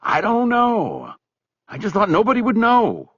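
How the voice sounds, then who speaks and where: A man's voice: high-pitched, big pitch swings, a little slow, a bit bright, breathy edge, no room sound, lo-fi sound, pitched above the performer's own voice, heavily acted. A man voicing an anxious, guilty middle-aged man who talks in a whiny, pleading way, raised well above his own voice.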